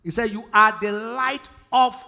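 A man with a Nigerian English accent preaching a sermon, quoting scripture and bursting into shouted emphasis. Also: very high voice, steady tone, a little slow, vocal fry. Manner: preaching with sudden shouted emphasis and Bible quotes. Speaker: pastor. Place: large church hall. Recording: live church hall with long reverb.

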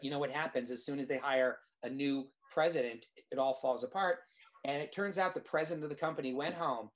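A man, a screenwriter guest, telling a lively anecdote in casual chat, with restarts and quoted dialogue. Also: mid-range voice. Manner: animated anecdote teller, restarts.

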